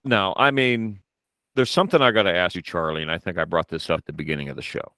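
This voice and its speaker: A man hosting a podcast, telling stories in an animated, teasing way. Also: low-pitched, fast talker, smooth, dry recording, studio quality. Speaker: podcast host. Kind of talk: casual podcast chat.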